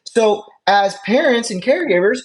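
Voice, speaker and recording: Casual EMT instructor, mid-pitch voice, chatty lecture delivery with lots of asides and "right?" check-ins. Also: expressive, normal speed. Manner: frequent fillers and restarts, conversational asides. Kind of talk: classroom lecture.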